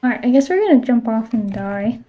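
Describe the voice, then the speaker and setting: A woman's voice: fairly high pitch, animated, brisk, highs cut off, soft background music. A woman streaming a game and chatting casually, filling her talk with "like" and the odd swear word. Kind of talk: casual chat while playing a game.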